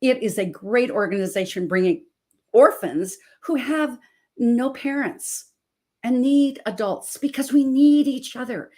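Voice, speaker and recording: A woman in her sixties from Montana, hosting an inspirational talk show as a health coach, emphatic and preacherly as she tells stories. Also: a little high. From Montana, USA. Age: 60s. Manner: emphatic, preacherly, animated storytelling.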